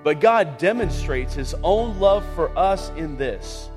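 A man's voice: fairly high pitch, animated, slow pace, music in the background. A man preaching a sermon as pastor, earnest and rising to impassioned reading of scripture.

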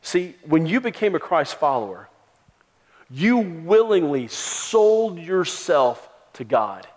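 Male pastor, emphatic sermon delivery, a bit high-pitched, long hall reverb. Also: big pitch swings, slow pace, a little mellow. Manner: emphatic preaching, raising the voice for stress.

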